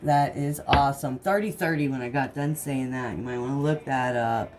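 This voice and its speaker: A woman's voice: very deep voice, moderate pace, very noisy. A woman doing an intuitive tarot reading, speaking the partner's messages in the first person and tagging on um and right. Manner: frequent um and right. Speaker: tarot reader.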